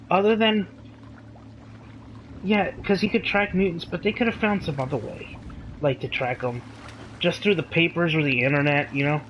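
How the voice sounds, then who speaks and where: A man's voice: high-pitched, lo-fi sound, a little hiss or hum. A man reviewing a movie in casual chat, laid-back and often saying "dude" and "like".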